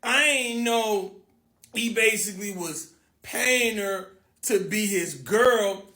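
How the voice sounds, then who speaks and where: A man's voice: high-pitched, slow, bright, forceful tone, echoey room. A man giving mocking gossip commentary in a drawling way.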